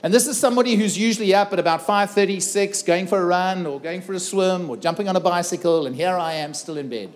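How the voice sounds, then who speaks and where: Middle-aged man, keynote speaker on a festival stage, fairly high voice, earnest dramatic storyteller. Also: fast, hardly any pauses. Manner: earnest, dramatic retelling with acted-out dialogue. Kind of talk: personal storytelling talk. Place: festival stage before a live audience.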